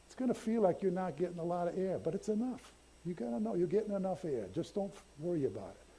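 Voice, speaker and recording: A man's voice: high voice, very animated, warm tone, slightly rough, voice pushed up, exaggerated voice, rough recording. A man doing a brash New York scuba instructor. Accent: New York, put on. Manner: blunt, fast-talking, cab-driver swagger.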